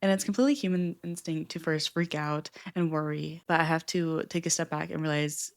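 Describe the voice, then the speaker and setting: A young woman with a low voice reflects candidly in a personal vlog. She speaks earnestly and openly and often uses "like" as a filler. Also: fairly even intonation, a little fast, gravelly. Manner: earnest, open, with frequent "like" fillers. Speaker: self-help book vlogger.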